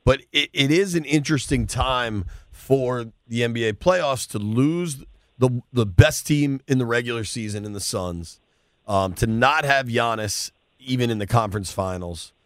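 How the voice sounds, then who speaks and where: A man hosting a sports talk debate, posing questions and thinking aloud with halting restarts. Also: mid-range voice, no echo, studio quality.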